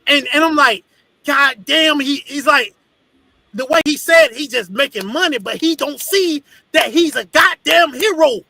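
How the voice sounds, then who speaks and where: High, bright-voiced man preaching hard. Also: a little slow, vocal fry, dry recording, poor audio. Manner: animated, profane, emphatic. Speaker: religious teacher. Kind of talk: street-style preaching with storytelling.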